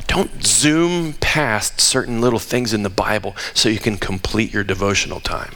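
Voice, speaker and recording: Dramatic male preacher. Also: moderate pace. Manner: dramatic, drops to hushed low tones for emphasis; asks the audience rhetorical questions. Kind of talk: sermon.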